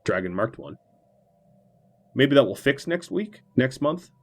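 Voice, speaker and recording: A man with a mid-range, sing-song voice speaks a little slowly while streaming a strategy game. His commentary is casual and playful, delivered with gleeful mock-villainy. Faint game music plays in the background.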